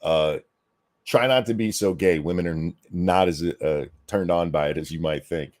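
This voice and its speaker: A lower-pitched man rants through a reaction commentary, swearing freely and berating his target with sarcasm. His talk is blunt and mocking throughout. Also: normal speed, a little mellow, no room sound, clean studio sound. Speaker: commentary host.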